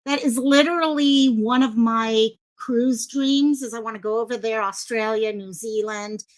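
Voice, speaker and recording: A woman's voice: on the high side, normal speed. A woman hosting a casual live stream, chatting with viewers and greeting them by name in a rambling, filler-heavy way. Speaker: livestream host. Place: home streaming setup in Hawaii. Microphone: headphones with mic at desk.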